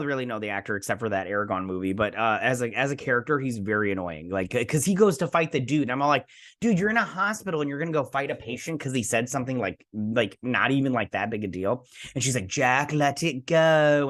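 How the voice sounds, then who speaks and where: A man's voice: medium pitch, a bit bright. A man hosting a casual episode review, chatty and rambling, full of fillers and blunt opinions. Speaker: host.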